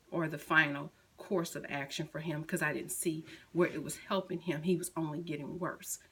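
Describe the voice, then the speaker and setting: Low, husky middle-aged woman. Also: rough recording. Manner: slow, measured storytelling, quoting her son softly. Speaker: grieving mother. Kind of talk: personal testimony.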